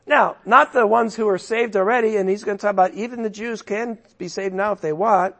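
High gravelly preacher, emotional and emphatic. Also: male voice, brisk, a bit bright. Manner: emotional, emphatic, conversational asides to audience. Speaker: pastor. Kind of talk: expository sermon.

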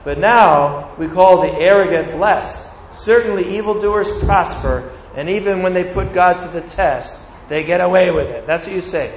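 High-voiced preacher in a roomy hall. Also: male voice, normal speed, hardly any pauses, highs cut off. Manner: animated, acts out voices of God and the congregation. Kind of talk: sermon.

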